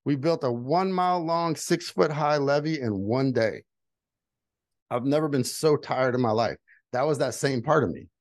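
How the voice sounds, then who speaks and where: A man's voice: medium pitch, normal speed, no echo. A middle-aged man telling earnest personal stories in casual conversation as a guest. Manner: earnest storytelling. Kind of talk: casual chat.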